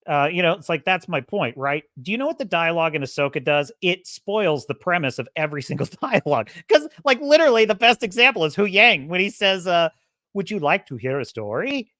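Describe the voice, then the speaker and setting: A woman podcast host delivers a casual, opinionated rant, sarcastic and animated, swinging between loud and soft, laughing often and mimicking characters. Her voice is lowish and a little fast with few pauses, on a dry, clean studio recording.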